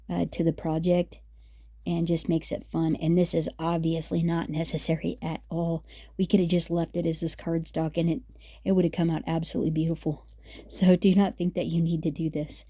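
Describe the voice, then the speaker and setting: Chatty woman with a very dark voice. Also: sits low, flat delivery, brisk, slightly rough, dry recording, clean studio sound. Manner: chatty, upbeat, many fillers. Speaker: craft video host. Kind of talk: casual craft tutorial.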